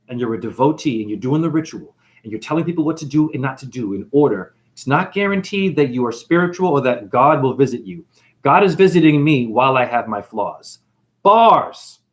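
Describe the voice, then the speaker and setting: A man giving a freewheeling, jokey spiritual monologue, shouting catchphrases and acting out characters. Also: on the high side. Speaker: spiritual talk host.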